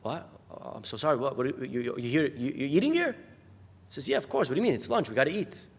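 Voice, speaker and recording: A man's voice: mid-range voice, quick pace, creaky, slightly rough. A man, a rabbi, giving a sermon full of storytelling, acting out the people in his stories and raising his voice in bursts. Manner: animated storyteller acting out characters, shouting in bursts. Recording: long hall reverb.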